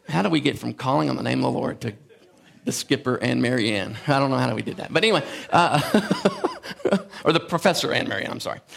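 A man's voice: fairly high pitch, creaky, a bit bright. A man preaching a sermon as a pastor, impassioned, with frequent restarts and asides.

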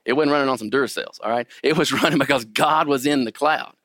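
A man's voice: medium pitch, quick pace, dry recording, studio quality. A man giving an informal Bible lesson, often restarting and checking in with his listeners. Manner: frequent restarts, animated emphasis. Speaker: Bible teacher. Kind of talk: conversational Bible teaching.

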